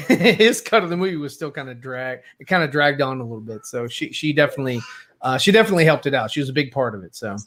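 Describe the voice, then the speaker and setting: A man's voice: mid-range voice, expressive, fast, a bit bright. A man co-hosting a casual movie podcast, rambling and hesitant, filling gaps with uh's. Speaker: podcast co-host.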